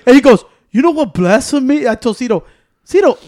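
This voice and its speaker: A young man telling stories in loud, profane casual banter as a podcast co-host. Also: extremely high pitch, expressive, a little fast. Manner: loud, profane storyteller, talks over others.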